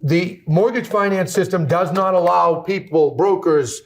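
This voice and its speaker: A man's voice: sits high, unhurried. A man hosting an interview in casual conversation, talking bluntly and emphatically, cursing freely. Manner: curses freely. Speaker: host, brokerage owner.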